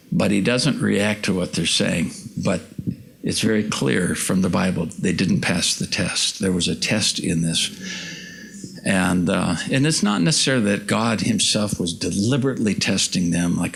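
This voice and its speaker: A man's voice: low voice, measured pace, gravelly, fairly bright tone, slightly rough. A man preaching a sermon as pastor, conversational and self-deprecating, asking the congregation questions. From United States. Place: church.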